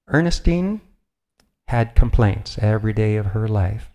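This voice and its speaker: An older man preaches in a slow, measured way, with pauses and small fillers. His voice is low and gravelly, with a dark, mellow tone. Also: expressive. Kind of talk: sermon with readings.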